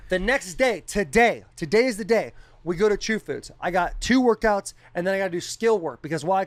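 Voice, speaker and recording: A man co-hosting a podcast, telling a story in casual, animated chat and swearing freely. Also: high-pitched, dry recording. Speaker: podcast co-host.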